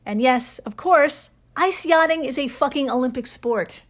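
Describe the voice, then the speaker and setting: A woman with a fairly high voice co-hosts a podcast in easy, casual chat. She lays out researched facts with frequent laughs and casual swearing. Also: unhurried. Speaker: podcast co-host.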